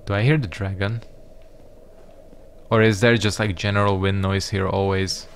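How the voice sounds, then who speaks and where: Low-ish voice guy doing a let's play, rambly and cussing at the game. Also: flat delivery, normal speed, a little hiss or hum. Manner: rambling, profane, reactive. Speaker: gaming YouTuber. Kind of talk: casual let's-play commentary.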